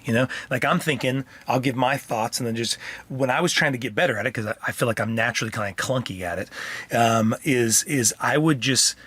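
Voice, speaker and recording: A middle-aged man co-hosting a parenting podcast, chatting casually and getting animated when he acts out talks with kids. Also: medium pitch, brisk, husky, soft background music. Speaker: podcast co-host, counselor. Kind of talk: casual chat.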